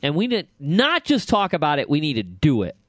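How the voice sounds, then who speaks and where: A man hosting a casual podcast, rambling and cracking jokes as he goes. His pitch rises and falls a lot. The sound is dry and close, with no room around it. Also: brisk, no echo. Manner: animated, rambling, joking. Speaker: podcast host.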